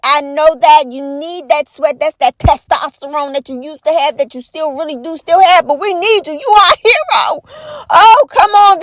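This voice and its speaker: A woman delivering an animated, exaggerated comedic rant to camera, folksy and emphatic, with repeated catchphrases and quick mock voices. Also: high voice, no room sound. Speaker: vlogger.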